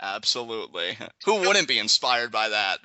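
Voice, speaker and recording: A man's voice: on the low side, moderate pace, no room sound, highs cut off. A man co-hosting a casual live reaction chat, joking and playfully dramatic. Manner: animated, jokey, playfully dramatic. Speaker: guest co-host.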